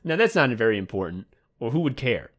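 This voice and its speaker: A man's voice: medium pitch, sing-song, fairly quick. A man co-hosting a comedy podcast, rambling in a mock sports announcer manner. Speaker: podcast co-host.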